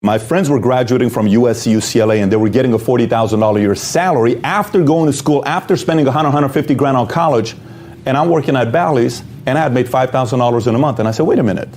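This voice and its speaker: A man's voice: mid-range voice, quick pace, darkish tone. A man giving a direct motivational talk about selling, asking rhetorical questions. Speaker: motivational speaker.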